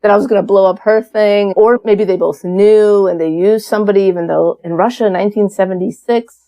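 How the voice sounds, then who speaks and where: A woman's voice: mid-range voice, steady tone, fairly quick, warm tone. A woman around fifty, a podcast guest, telling a personal story in a frank, casual way, with swearing and acted-out quotes.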